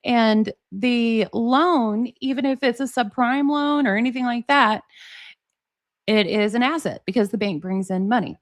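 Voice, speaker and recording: A woman in her forties talks through a live reaction stream, her voice sitting a little high. She is sarcastic and exasperated, breaks into laughs, and addresses her viewers directly. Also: a little slow. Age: 40s. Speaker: commentary streamer.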